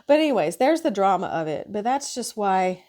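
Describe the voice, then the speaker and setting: A woman's voice: medium pitch, normal speed. A woman nurse venting in a casual monologue, frustrated and swearing as she retells her shift. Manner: frustrated, profane, animated retelling.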